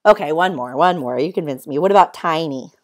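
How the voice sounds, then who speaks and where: A woman's voice: deep voice, brisk. A woman teaching a phonics lesson to young children, spelling words out letter by letter in an encouraging way.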